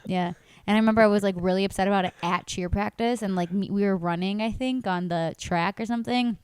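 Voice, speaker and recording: A woman's voice: mid-range voice, fast, a little mellow, clean tone, no echo, studio quality. A young American woman co-hosting a podcast, telling stories in casual chat with lots of fillers and some swearing. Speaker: podcast co-host.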